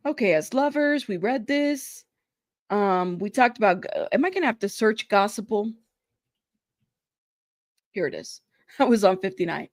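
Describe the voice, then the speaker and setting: Woman host, gravelly fry in her voice, dry close sound, reads transcripts then chats and laughs with viewers. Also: medium pitch, expressive, measured pace, long pauses, no room sound. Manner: chatty, laughs often, talks directly to her viewers. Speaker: host of a news commentary channel. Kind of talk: reading court transcripts aloud with casual commentary.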